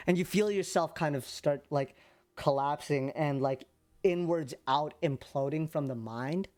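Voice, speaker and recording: A casual man running a tabletop game, narrating in a halting, loose way full of "like" and "um". Faint music plays underneath. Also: a little high, a little mellow. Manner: casual, halting, many fillers. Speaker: game master.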